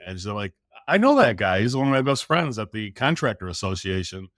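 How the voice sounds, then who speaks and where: Animated middle-aged man telling a story. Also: fairly low pitch, fairly quick, no echo, studio quality. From United States. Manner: animated storytelling, acts out quoted dialogue, casual swearing. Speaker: sales coach guest. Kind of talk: storytelling in a podcast interview.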